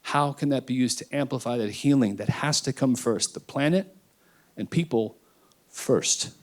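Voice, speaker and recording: A man speaking on a panel, emphatic and emotional, swinging between loud declarations and quiet asides. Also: mid-range voice, normal speed. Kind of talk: impassioned panel talk.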